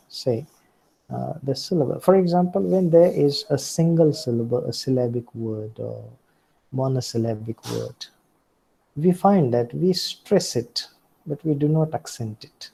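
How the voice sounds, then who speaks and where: A man with an Indian English accent giving a recorded lecture, speaking deliberately with frequent fillers and self-corrections. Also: medium pitch, gravelly, warm tone, breathy edge, rough recording.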